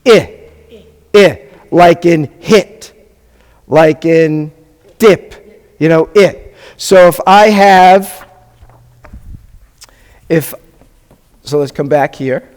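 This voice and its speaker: Man teaching a class, high voice, patient, spells out sounds slowly, long hall reverb. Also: a little mellow. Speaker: rabbi teaching a Hebrew class.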